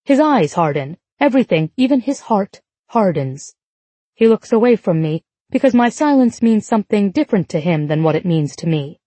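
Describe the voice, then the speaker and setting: A woman narrates a novel in the first person with a measured, emotive reading. Her voice is husky and mellow in tone. The recording is dry and close, with no room sound. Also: mid-range voice, dry recording. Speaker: audiobook narrator.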